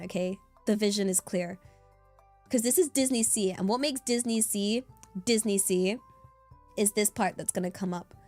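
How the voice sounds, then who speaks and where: A young British woman with a mixed rural accent, chatting casually on a livestream in a bubbly, giggly, rambling way. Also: fairly high pitch. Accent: British, mixed rural and taught English. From United Kingdom. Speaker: streamer.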